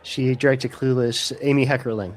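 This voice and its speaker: A man's voice: medium pitch, fairly even intonation, normal speed. A man co-hosting a podcast in casual chat, laid-back and chiming in briefly. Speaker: podcast co-host.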